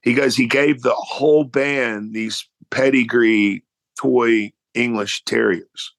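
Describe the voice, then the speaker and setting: A man's voice: mid-range voice, slow, creaky. A man, a guitarist, telling a backstage anecdote in a loose, swearing storyteller's way. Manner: animated storyteller, salty language. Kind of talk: casual anecdote.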